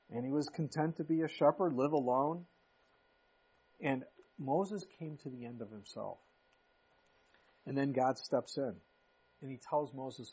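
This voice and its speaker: Husky-voiced preacher in his fifties. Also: mid-range voice, a little slow, pauses often, mellow. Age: 50s. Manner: conversational preaching with sudden emphatic rises. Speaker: pastor. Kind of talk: sermon. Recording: muffled lo-fi recording.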